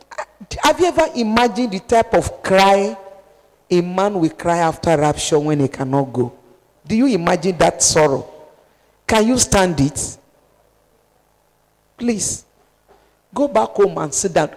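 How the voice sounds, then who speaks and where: A Nigerian woman preacher delivering an impassioned, pleading sermon, swinging from loud exhortation to hushed appeals. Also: mid-range voice, big-room sound.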